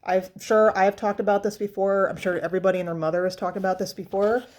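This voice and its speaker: A woman's voice: mid-range voice, fairly even intonation, fast talker, a little mellow. A woman vlogger chatting casually about perfumes, rambling with fillers and restarts. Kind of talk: casual chat.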